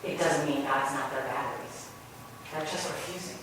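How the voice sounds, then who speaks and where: A woman's voice: rumbling low, fairly even intonation, normal speed. Woman preaching from far off in a very echoey hall. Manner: conversational storytelling. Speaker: spiritual speaker. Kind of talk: sermon. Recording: very echoey room, voice far from mic, ambient noise.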